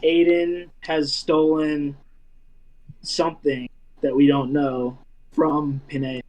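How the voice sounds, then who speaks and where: A man describes his character's moves in a tabletop game. He speaks slowly and deliberately, with a voice a little higher than usual. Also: flat delivery, darkish tone, rough recording. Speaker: player.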